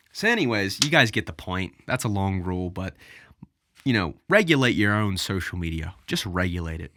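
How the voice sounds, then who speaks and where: A man with a fairly low voice hosts a solo podcast, rambling casually and speaking straight to his listeners. He sounds a bit out of breath. The recording is dry and close, with no room sound. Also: big pitch swings, normal speed, long pauses, fairly bright tone, dry recording. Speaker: podcast host.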